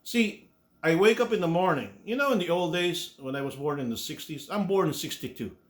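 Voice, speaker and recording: A YouTube commentator in his sixties delivers a ranting opinion monologue to his viewers, blunt and freely profane, repeating himself and restarting his words. His fairly high-pitched voice is expressive and brisk, and he is coughing.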